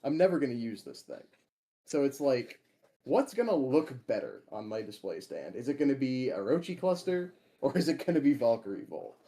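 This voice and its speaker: A man's voice: medium pitch, sing-song, normal speed, dark tone. A young man from Minnesota, co-hosting a podcast, telling stories in a rambling casual way and laughing often. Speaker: podcast co-host and tournament player. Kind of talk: casual chat.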